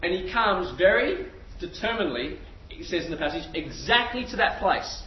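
A man's voice: sits high, very animated, normal speed. A man preaching a sermon to a crowd in a large hall, telling the story with animation and checking in with his listeners through questions. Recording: echoey hall, distant mic, dull sound, faint noise.

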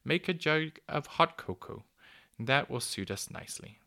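A man voicing a kindly, motherly old female cuckoo bird who talks slowly and gently. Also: on the high side, animated, vocal fry, pitched above the performer's own voice, exaggerated voice. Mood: cozy.

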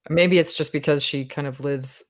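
A middle-aged woman co-hosting a podcast in casual chat, soft-spoken and trailing off at the ends of thoughts. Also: low voice, fairly even intonation, moderate pace, no echo, clean studio sound. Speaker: podcast co-host.

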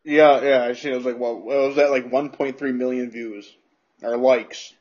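A man hosting a casual chat, relaxed and easygoing, swearing casually as he asks questions. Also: medium pitch, moderate pace, lo-fi sound. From United States. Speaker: podcast host.

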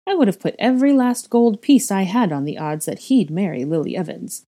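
A woman reading the lines of a gruff, hearty male wizard founder in a blunt manner. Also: medium pitch, sing-song, a little fast, dark tone, voice pushed up.

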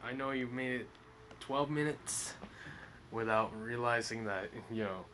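A young man co-hosting a casual podcast, joking and rambling, often breaking into loud laughter. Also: medium pitch, measured pace, slight background noise, poor audio. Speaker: podcast co-host. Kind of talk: casual chat.

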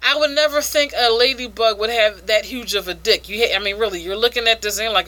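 A woman's voice: on the high side, animated, brisk, few pauses, bright, forceful tone. A woman casually reviewing an adult comic, frank and crude, laughing often.

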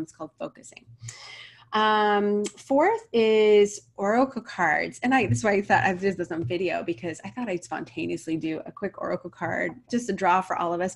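A woman's voice: lowish voice, breathy edge. A middle-aged woman talking casually and earnestly as a spiritual coach and card reader, rambling a little. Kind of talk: casual spiritual vlog talk. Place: home video setup.

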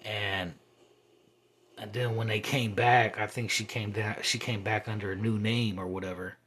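A man's voice: fairly low pitch, fairly even intonation, normal speed, fairly bright tone, slightly rough. A young man hosting his own podcast, talking alone in a rambling, confessional way with many fillers. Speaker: podcast host. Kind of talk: solo podcast monologue.

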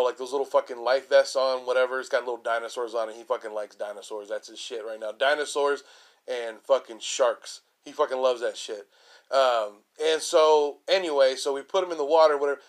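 A man ranting on a comedy podcast in a loose, rambling flow. He swears in almost every sentence and keeps stalling on fillers and restarts. His voice sits at an ordinary middle pitch. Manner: rambling, swears constantly, heavy fillers like "you know". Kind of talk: casual profane rant. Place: lives in a large Texas city.

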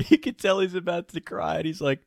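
A man's voice: sits high, steady tone, fairly quick, creaky, no room sound, studio quality. A young man casually telling a funny story, laughing often and swearing freely.

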